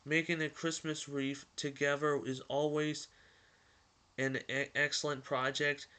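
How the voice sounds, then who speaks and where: A man's voice: fairly high pitch, little pitch movement, bright, forceful tone, clean tone. A man reading the lines of a cheerful male cartoon mouse from a storybook, stumbling and restarting as he goes. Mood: fond. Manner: halting read-aloud with stumbles and restarts.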